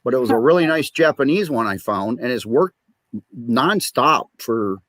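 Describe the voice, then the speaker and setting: A man's voice: medium pitch, lively intonation, normal speed, a bit bright, dry recording, studio quality. A man chatting on a video call as a record collector, rambling and indignant about prices. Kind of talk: casual video-call chat.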